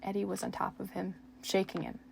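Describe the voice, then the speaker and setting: A woman's voice: mid-range voice, monotone, a little fast, vocal fry, a little mellow, slight background noise. A young woman reading her old fan fiction aloud at home, making self-mocking asides and laughing at her own writing.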